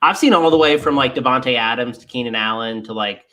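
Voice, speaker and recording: A man on a casual podcast panel weighs in hesitantly, thinking aloud as he talks. His voice is bright and sits at a middle pitch. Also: fairly quick, a little hiss or hum. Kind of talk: casual group chat.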